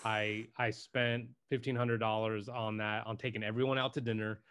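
A man's voice: on the low side, flat delivery, moderate pace, fairly bright tone, smooth. A man talking as a podcast guest in casual chat, emphatic and loose, swearing freely and restarting his sentences.

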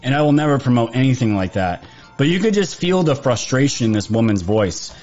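A man with a mid-range voice hosts a live stream, chatty and animated as he talks to his viewers. The sound is slightly dull and lo-fi, with faint music underneath. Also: medium pitch, a little fast. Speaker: livestream host. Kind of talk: live political commentary stream.

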